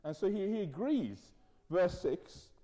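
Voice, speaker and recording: Lively male preacher in a reverberant hall. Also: high-pitched, measured pace. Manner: animated storytelling, conversational asides. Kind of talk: sermon.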